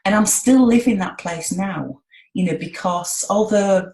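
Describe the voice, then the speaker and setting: A woman's voice: mid-range voice, a little slow, a little mellow, echoey room, poor audio. A middle-aged British woman from England, a hypnotherapist talking in an interview in a chatty, down-to-earth way, full of "you know". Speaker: hypnotherapist guest. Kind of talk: interview conversation.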